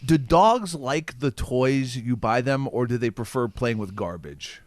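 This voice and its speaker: A man's voice: medium pitch, a little slow, no echo. A man rants about his cats in loose talk-show banter, swearing for emphasis. His voice swings widely up and down, and the recording is dry and close. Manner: animated and profane, swears for emphasis. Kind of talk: casual comedic chat.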